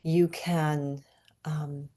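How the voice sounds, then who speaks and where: Calm woman leading breathwork, low voice, takes her time. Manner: calm, soothing, unhurried. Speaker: astrology reader. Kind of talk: guided breathing and astrology talk.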